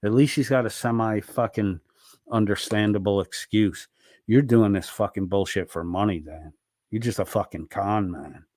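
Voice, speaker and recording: A man's voice: fairly low pitch, normal speed, a little mellow, no room sound, studio quality. A man ranting angrily at another streamer, swearing and berating. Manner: angry, profane, berating. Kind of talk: ranting monologue.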